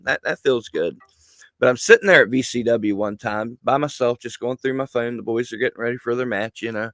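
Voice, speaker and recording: A man telling stories as a guest on a casual podcast, animated, swearing freely and laughing mid-sentence. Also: mid-range voice, brisk, no echo. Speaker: guest, wrestling personality.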